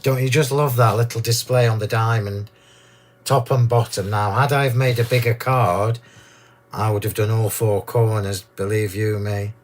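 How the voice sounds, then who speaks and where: A man hosting a card-making demonstration, chatty and gushing, a little hoarse from losing his voice. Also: lowish voice, steady tone, normal speed. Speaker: crafting demo host.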